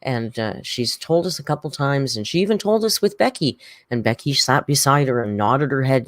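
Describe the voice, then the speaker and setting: Lively, dry-sounding livestream host. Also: medium pitch, normal speed, few pauses, no echo. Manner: rambling, chatty, reads out viewer comments. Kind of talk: casual reaction livestream.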